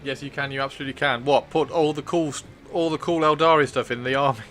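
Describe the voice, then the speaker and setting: A man's voice: mid-range voice, fairly even intonation, fast, fairly bright tone, soft background music. A man chatting enthusiastically on a casual livestream, often repeating himself. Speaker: livestream host.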